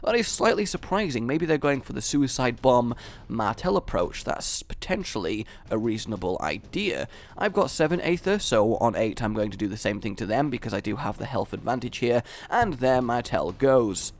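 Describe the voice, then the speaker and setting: A young man hosting a gaming video, giving excited play-by-play commentary with loud triumphant outbursts. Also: medium pitch, normal speed.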